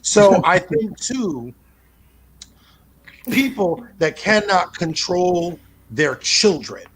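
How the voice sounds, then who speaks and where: A man doing a rambling, profane stand-up comedy set, full of restarts and deadpan absurd asides. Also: high-pitched, drawn-out words, husky.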